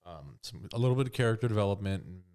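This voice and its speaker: Deep voiced guy cohosting a movie review, blunt, swears a lot, runs the convo. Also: animated, very fast, a little mellow, clear, resonant tone. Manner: blunt, swears freely, leads the discussion. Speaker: co-host. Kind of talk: casual movie review chat.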